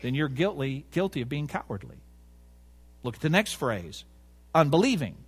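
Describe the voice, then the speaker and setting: Guy preaching a sermon, slightly high voice, swoops up and down a lot, keeps hammering the key words. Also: sing-song, moderate pace, breathy edge. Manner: emphatic, rhetorical questions, stresses key words.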